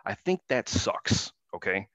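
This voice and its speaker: Low-voiced guy hosting sports radio, ranting hard, dry close mic. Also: very animated, measured pace, a bit bright, dry recording. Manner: emphatic, ranting, conversational.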